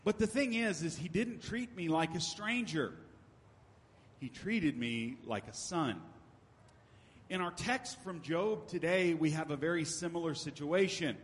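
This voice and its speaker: A man's voice: fairly high pitch, animated, measured pace. A man preaching a sermon as pastor, in a conversational style with emphatic repetition. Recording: long hall reverb.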